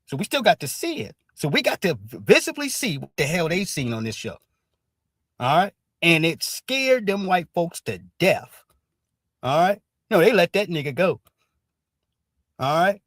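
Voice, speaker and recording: Black guy ranting on his stream, lively swinging pitch, dry close sound, keeps saying all right. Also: dry recording. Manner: animated, profane, repeats "all right" as a filler. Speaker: livestream commentator. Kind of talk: casual livestream commentary.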